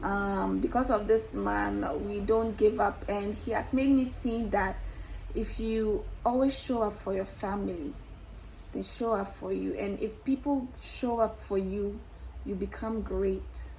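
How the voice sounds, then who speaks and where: A woman's voice: mid-range voice, steady tone, measured pace, vocal fry, warm tone, slight background noise, low-quality recording. A young woman vlogging to camera in a candid, exuberant way, laughing often and swearing casually.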